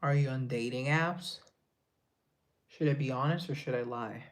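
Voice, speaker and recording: A man's voice: mid-range voice, normal speed. A man on a casual live stream, reading chat aloud and answering, now and then dropping into whispered asides.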